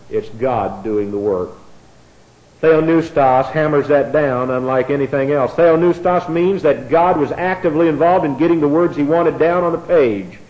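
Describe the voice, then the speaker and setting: A man's voice: fairly high pitch, roomy sound, muffled recording. A man teaching a bible class, spelling out words letter by letter and repeating himself as he explains.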